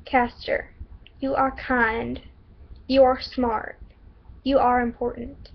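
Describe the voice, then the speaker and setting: A woman voicing a kindly, encouraging Southern woman in a put-on Southern accent, speaking softly and reassuringly. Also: a little high, flat delivery, slow, lo-fi sound. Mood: soothing.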